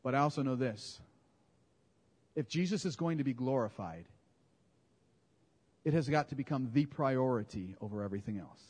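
A man preaching a sermon in a conversational, animated way, often correcting his own words. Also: mid-range voice, moderate pace, pauses often. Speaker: pastor. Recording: long hall reverb.

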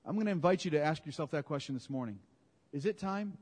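A man preaching a sermon in a conversational, animated way, often correcting his own words. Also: a little high, fast talker, slightly rough. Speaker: pastor. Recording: long hall reverb.

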